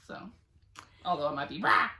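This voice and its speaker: Lower-voiced playful woman co-host, echoey room with faint hiss. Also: expressive, fast talker, bright, forceful tone. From Louisiana, USA. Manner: laughs often, playful. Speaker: podcast co-host. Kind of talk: casual chat. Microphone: phone on a table.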